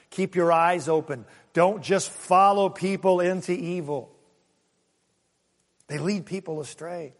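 In a large hall, a male pastor with a higher voice delivers a conversational sermon full of stories and chuckles. He alternates soft asides with raised, emphatic points.

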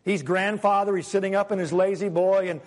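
A man preaching a sermon as a pastor, animated, sometimes acting out the voices he quotes. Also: sits high, fairly quick. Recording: long hall reverb.

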